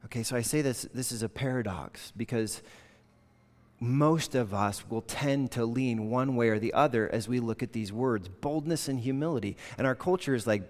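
A man preaching a sermon in an earnest, conversational way, slipping into animated quoted voices. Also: medium pitch, moderate pace. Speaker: pastor. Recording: long reverb of a large hall.

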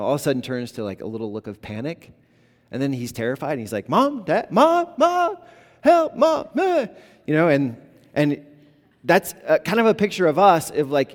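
With a long reverb tail trailing his mid-range, darkish voice, a man in his thirties gives a casual storytelling sermon. The pastor fills his speech with plenty of "like"s and "you know"s.

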